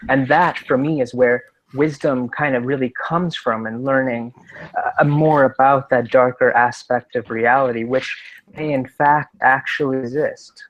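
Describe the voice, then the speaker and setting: A man's voice: medium pitch, fairly even intonation, a little slow, dull audio. A man in casual chat, talking earnestly and philosophically. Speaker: guest.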